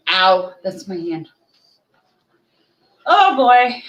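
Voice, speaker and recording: A woman's voice: medium pitch, lively intonation, slow pace, pauses often, a bit bright, echoey room, rough recording. A woman chatting casually on a livestream at home, talking through earbuds, laughing and scolding a playful puppy. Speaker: livestream co-host.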